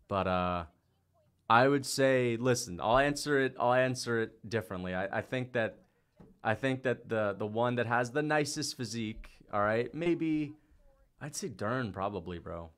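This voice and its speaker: A man's voice: medium pitch, measured pace, clear, resonant tone. Man swearing his way through a livestream. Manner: loose, swears often, excitable outbursts. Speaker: livestream host reacting to fights. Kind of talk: casual livestream chat, reading donations.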